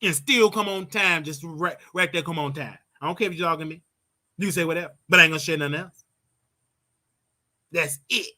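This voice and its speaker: Blunt high-voiced man ranting advice. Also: brisk, pauses often, bright, forceful tone. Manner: blunt, preachy, repeats his points for emphasis. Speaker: show host. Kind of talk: casual advice rant.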